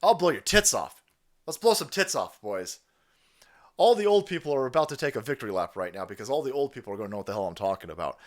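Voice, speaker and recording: A middle-aged man hosting a livestream, ranting crudely and loudly, laughing and mocking people in put-on voices. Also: mid-range voice, animated, quick pace. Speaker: livestream host. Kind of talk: profane rant to chat.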